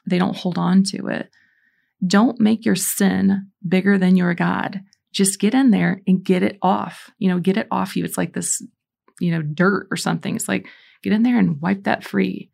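A woman's voice: mid-range voice, vocal fry, darkish tone. A middle-aged woman hosting a Catholic podcast, talking in an earnest, encouraging, conversational way, mixing stories with teaching and prayer.

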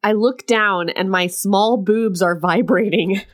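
A woman's voice: medium pitch, takes it slowly. A woman co-hosting a podcast, chatting casually and making wry, teasing comments. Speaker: podcast co-host. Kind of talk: casual comedic chat.

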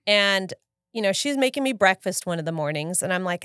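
A woman's voice: mid-range voice, animated, a little fast, fairly bright tone, smooth, no room sound, clean studio sound. A woman in her thirties co-hosting a casual podcast, telling stories and quoting herself as she goes. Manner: chatty storyteller, quotes herself, laughs often. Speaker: podcast co-host. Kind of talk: casual chat.

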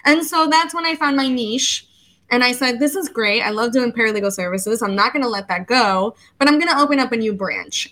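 A woman in her thirties from the United States talks as a guest in a relaxed interview. Her voice sits a little high and comes across bright and forceful. She tells her story with lively energy and often acts out her own earlier words. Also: low-quality recording. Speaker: podcast guest, legal educator. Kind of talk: casual interview conversation.

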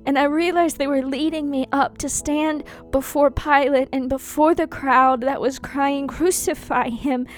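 High-voiced woman, slow anguished monologue. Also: flat delivery. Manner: slow, anguished and intense, with many pauses and repetitions. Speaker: dramatic monologue performer. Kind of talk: first-person dramatic monologue.

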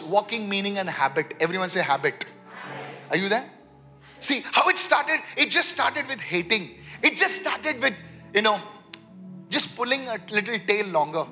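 A man preaching a sermon as pastor, leading the congregation in call-and-response and swinging from hushed lines to shouts. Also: high-pitched. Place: church.

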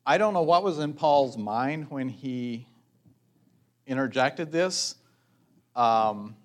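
A man preaching a measured, thoughtful sermon as a pastor, pausing for reflective asides. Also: medium pitch.

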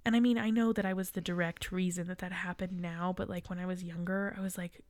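एक भावुक युवा महिला, सूखी आवाज़ में कहानी सुनाती हुई. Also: female voice, lowish voice, fairly even intonation, fast talker, darkish tone, no room sound. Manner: emotional, near tears, swearing casually. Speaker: podcast co-host. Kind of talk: casual chat.

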